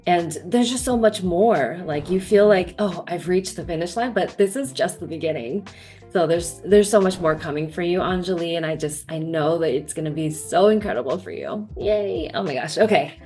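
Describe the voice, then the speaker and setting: A woman's voice: fairly low pitch, moderate pace, a little mellow, soft background music. A young woman hosting a casual interview, gushing and effusive, full of "like" and "um". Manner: gushing, effusive, filler-heavy. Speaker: interview host and course coach.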